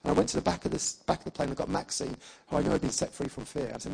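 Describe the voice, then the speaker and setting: Gravelly-voiced man preaching a story. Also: on the high side, very fast, low-quality recording. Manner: lively storyteller who acts out dialogue and laughs along. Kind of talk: sermon testimony storytelling.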